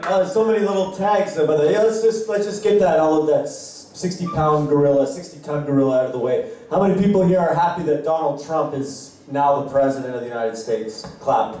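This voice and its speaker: A man's voice: a little high, a little fast, hardly any pauses, warm tone, slight background noise. A man from Canada hosting an open-mic comedy night, chatty and wry, doing crowd work between acts. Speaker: comedy show host. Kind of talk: stand-up emceeing. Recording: echoey room from far off, faint ambience.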